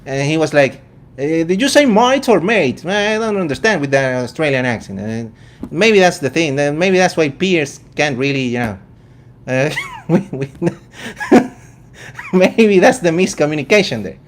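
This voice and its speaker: A man's voice: a little high, big pitch swings, a little hiss or hum. A man from Venezuela with a Venezuelan accent, hosting a casual vegan commentary show in a joking, incredulous way. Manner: incredulous, joking, quick asides. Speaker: vegan channel host.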